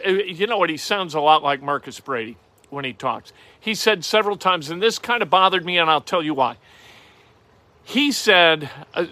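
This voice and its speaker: Animated wisecracking male sports host. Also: sits high, no echo. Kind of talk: casual opinionated sports talk.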